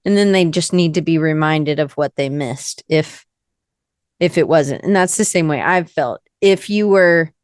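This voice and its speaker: A Southern American woman hosting a podcast, talking casually in a rambling, lively way that often stops and restarts. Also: low-pitched, unhurried, clean tone, no room sound, clean studio sound. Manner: rambling, lively, self-interrupting. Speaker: podcast host. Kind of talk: casual conversation.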